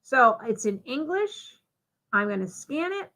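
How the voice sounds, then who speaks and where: A woman giving a live software demonstration, talking through each step in a chatty way with fillers. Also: high voice, sing-song, unhurried, poor audio. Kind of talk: live software demo walkthrough.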